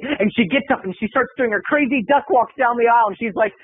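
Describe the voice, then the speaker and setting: A man telling a comic story on a video blog in an animated, dramatic, self-mocking way. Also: very high-pitched, fast talker, hardly any pauses, slight background noise. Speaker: video blogger. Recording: tinny lo-fi phone-like sound.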